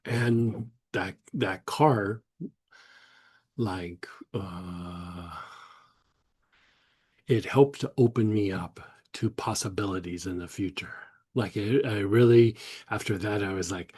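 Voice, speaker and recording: A man casually telling a personal story, rambling with many restarts and animated retold dialogue. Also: on the low side, takes it slowly, husky. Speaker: host.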